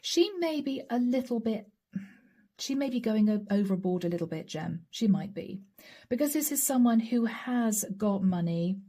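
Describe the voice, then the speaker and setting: Woman, tarot reader, warm mellow tone, intimate, repetitive, talks straight to the listener, occasional soft whispers. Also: a little high, lively intonation, normal speed. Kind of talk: channeled tarot reading.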